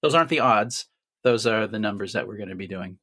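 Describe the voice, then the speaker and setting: A man co-hosting a podcast, briskly organizing the countdown in casual chat. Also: lowish voice, expressive, sharp tone, breathy edge. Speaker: podcast co-host.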